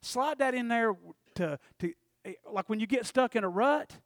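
Man preaching, very high voice, folksy and conversational, dry close sound. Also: expressive, moderate pace, no room sound. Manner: folksy, conversational preaching with frequent check-ins to the congregation. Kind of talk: sermon.

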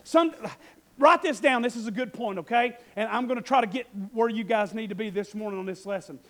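A male preacher giving a fervent, folksy sermon, repeating phrases and rising into shouts. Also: high-pitched, brisk, a little hiss or hum. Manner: fervent, repetitive, breaks into shouting; folksy, conversational asides.

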